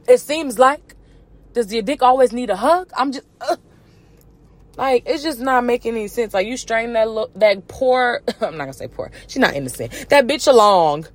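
A woman hosting a podcast, ranting about celebrity gossip in a brash, sassy, profane way, with mocking put-on voices. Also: on the high side. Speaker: podcast host.

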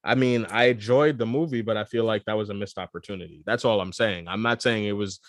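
A lower-pitched male podcast co-host chatting casually, often stopping and restarting before he gets going. He speaks in quick bursts once his thought is settled. The recording is dry and close. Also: no room sound. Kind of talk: casual chat.

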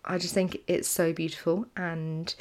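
A woman's voice: lowish voice, flat delivery, measured pace, darkish tone. A woman co-hosting a podcast in casual chat, talking freely and laughing often. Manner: chatty, laughs often, uses "like" a lot. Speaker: podcast co-host.

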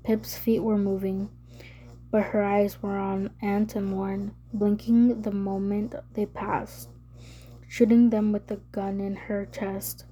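A woman reading a novel aloud as an audiobook narrator, measured and even. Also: mid-range voice. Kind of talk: scripted narration.

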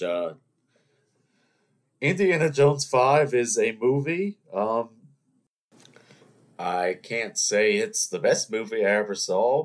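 A young man, talking on his own podcast. His voice sits fairly low, and he rambles from one story to the next in an animated, self-mocking way. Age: 20s. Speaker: podcast host. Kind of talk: casual solo rambling chat.

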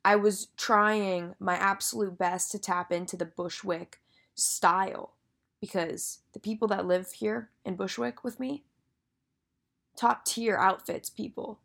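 A woman's voice: mid-range voice, steady tone, measured pace, vocal fry, a bit bright. Chatty young woman telling a story. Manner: chatty, frequent "like" fillers and swearing. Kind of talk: casual storytelling monologue.

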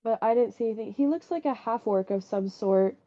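Woman playing a tabletop game, slow, hesitant, higher voice, muffled lo-fi mic. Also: warm tone. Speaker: player. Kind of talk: casual tabletop game chat.

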